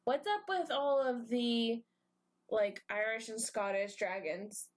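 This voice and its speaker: A woman's voice: on the high side, takes it slowly. A woman co-hosting a casual comedy podcast who reads book blurbs aloud and laughs at herself. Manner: giggly, self-deprecating. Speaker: podcast co-host.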